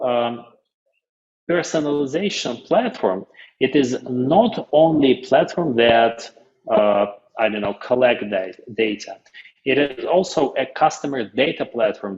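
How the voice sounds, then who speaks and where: A man presenting a business webinar in non-native English phrasing, halting often and restarting his sentences. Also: mid-range voice, a little mellow, lo-fi sound.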